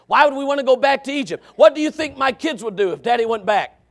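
A man gives a sermon as associate pastor, his voice sitting high for a man. He is folksy and quick to joke. He drops into low, quiet asides, then climbs to loud, shouted calls to his listeners. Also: expressive. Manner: folksy, joking, with sudden dramatic emphasis.

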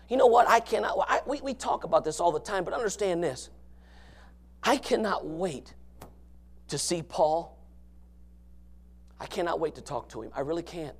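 A preacher with a strikingly high voice delivers a fiery sermon. He moves between quiet, low asides and loud shouted passages. His delivery is folksy and emphatic. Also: animated, moderate pace, long pauses. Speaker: pastor.

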